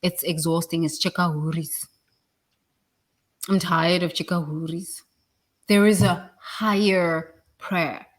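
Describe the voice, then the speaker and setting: A woman's voice: fairly low pitch, steady tone, slow, pauses often. Blunt woman giving a spiritual talk. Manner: blunt and emphatic, with sudden loud bursts. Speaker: spiritual speaker.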